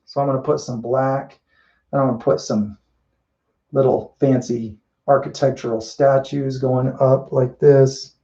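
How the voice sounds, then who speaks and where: A man demonstrating a painting live, thinking aloud in a relaxed way with frequent restarts and asides as he works. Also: medium pitch, measured pace, lo-fi sound. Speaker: painting instructor. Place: indoors at a painting wall.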